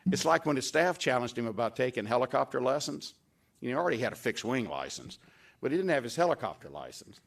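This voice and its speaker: At a dedication event, an older former staff member speaks from a podium in an event hall, offering a tribute full of folksy anecdotes. His medium-pitched voice is sing-song and creaky, and he talks quickly. Whenever he quotes someone, he performs the line in a louder voice.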